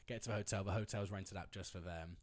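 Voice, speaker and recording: A man's voice: sits low, fairly even intonation, fast talker. A man telling a long rambling anecdote in casual chat, with lots of fillers and laughter. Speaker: storyteller guest.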